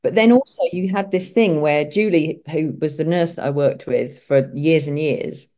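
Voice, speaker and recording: A middle-aged woman with a Kent accent, a vet chatting as an interview guest and telling lively stories. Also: sits low, moderate pace. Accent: Kent English. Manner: chatty storyteller, acts out quoted voices. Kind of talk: casual interview chat.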